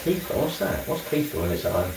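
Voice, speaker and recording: A man's voice: deep voice, very animated, normal speed, vocal fry, background noise. Rambling man, echoey kitchen. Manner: rambling, muttering to himself while doing chores. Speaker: livestreamer. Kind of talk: casual live-stream chat. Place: home kitchen. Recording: echoey room, mic set far off.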